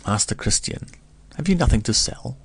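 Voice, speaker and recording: A man's voice: medium pitch, animated, normal speed, husky, voice pushed up. A man voicing a gossipy older male curiosity vendor who tells a grim tale in a chatty, meditative way.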